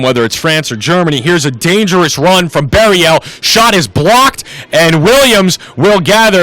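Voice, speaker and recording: A man's voice: fairly high pitch, a bit bright. A man doing play-by-play commentary on a live soccer match, switching between calling the action and chatting with his partner.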